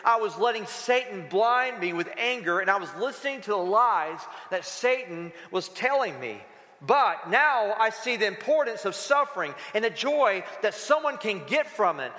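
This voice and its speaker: A middle-aged man preaches a sermon with a high, bright voice. He moves between earnest exhortation and playful storytelling asides. A long hall reverb trails his words. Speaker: pastor.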